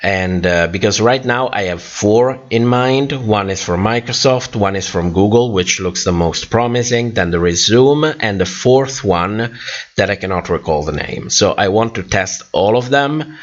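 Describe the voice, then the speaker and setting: A man's voice: lowish voice, expressive, a little slow. A man hosting a casual livestream and reading comments, his voice worn out and tired, rambling with many fillers and restarts. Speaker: livestream host. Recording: dull lo-fi stream audio.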